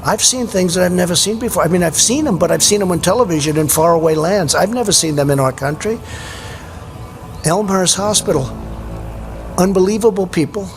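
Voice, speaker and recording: A man speaking gravely and emphatically, with halting restarts. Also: high voice, faint music behind. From Queens, New York.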